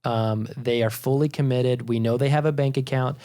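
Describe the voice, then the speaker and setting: Guy co-hosting a sales podcast, emphatic and teachy, regular pitch. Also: fairly even intonation, normal speed, dark tone. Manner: emphatic, instructive. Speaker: podcast co-host and sales trainer. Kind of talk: podcast discussion.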